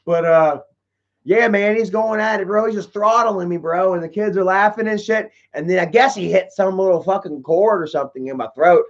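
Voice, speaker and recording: High-voiced man telling profane stories. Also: normal speed, muffled recording. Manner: rambling, heavy swearing, frequent "you know" and "bro". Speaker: livestream host answering chat. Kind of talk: casual profane storytelling.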